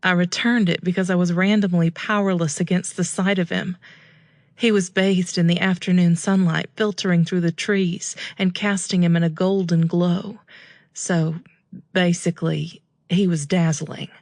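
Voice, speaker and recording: A woman narrating a first-person romance audiobook in a calm, steady, measured way. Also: fairly low pitch, no room sound, studio quality.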